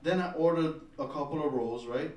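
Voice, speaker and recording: A man telling a profane, animated story in a stand-up comedy set on a club stage. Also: on the high side, moderate pace, reverberant, recorded from a distance.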